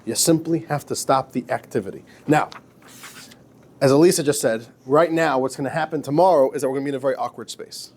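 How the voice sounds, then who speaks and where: Male rabbi lecturing a class in a chatty, lively way, with a middle-pitched voice. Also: quick pace. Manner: lively, chatty, repeats words, laughs at own stories. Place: classroom with students.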